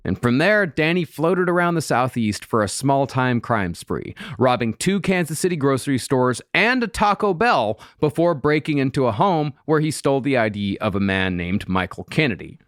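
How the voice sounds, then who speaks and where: A man hosting a podcast, narrating a true crime story in a steady storytelling way with dry asides. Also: medium pitch, moderate pace, hardly any pauses, no echo.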